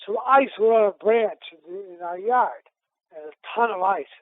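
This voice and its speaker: Calling into a radio show on a tinny phone line, a middle-aged former boxer from Massachusetts, USA, spins meandering tales full of restarts and repetition in a casual interview. He sounds high-pitched and animated at a normal speed, and the recording is dry.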